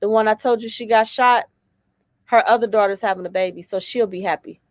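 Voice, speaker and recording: Woman co-host making quick requests. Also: medium pitch, steady tone, no echo. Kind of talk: casual live-stream chat.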